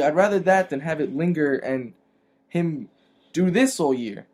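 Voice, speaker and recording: A man's voice: a little high, lively intonation, measured pace, darkish tone. A man co-hosting a fantasy football podcast, casually making his case with stats. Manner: earnest, stat-citing, argumentative. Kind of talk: casual sports chat.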